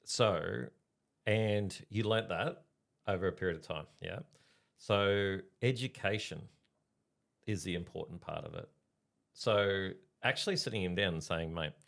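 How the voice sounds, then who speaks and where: A middle-aged podcast co-host tells stories in casual chat, animated and checking in with listeners as he goes. His voice is low-pitched with vocal fry.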